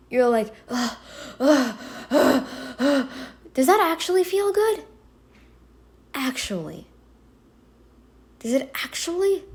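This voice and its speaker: A woman reacts to a video in casual commentary, pushing back hard on what she hears. Her voice sits high and she takes her time, leaning on her words to make her point. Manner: emphatic, argumentative, talks back to the clip.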